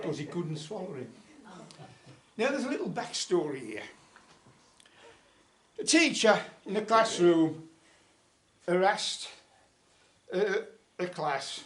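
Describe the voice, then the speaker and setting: A man's voice: sits high, fairly bright tone. A man telling a folk tale live at a folk club, chatty, with asides to the audience. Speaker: storyteller. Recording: echoey folk club room.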